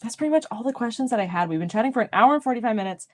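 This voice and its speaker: A woman's voice: on the high side, animated, very fast, a little mellow. A woman with a light North Carolina accent hosting a book club chat, laughing often and talking animatedly. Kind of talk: casual video call chat.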